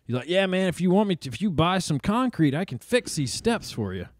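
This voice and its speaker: Chatting casually on a podcast he co-hosts, a man recounts a story at a brisk pace, animatedly raising his pitch to play the people he quotes. The recording is clean studio sound without echo.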